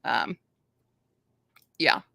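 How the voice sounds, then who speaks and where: A woman's voice: extremely slow, sharp tone, no room sound. Chatty woman reviewing books. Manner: chatty, laughs often, reads aloud. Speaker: book reviewer host. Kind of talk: casual chat.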